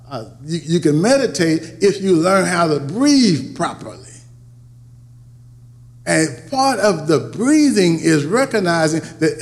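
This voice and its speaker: A man preaching a sermon, building to emphatic peaks and then dropping low and quiet, often repeating words and restarting phrases. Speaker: pastor.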